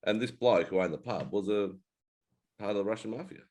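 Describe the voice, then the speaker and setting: A man's voice: lowish voice, fairly quick, a little mellow. A man in his forties with an Australian accent, co-hosting a casual chat and telling rambling, laid-back stories with plenty of swearing. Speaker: co-host.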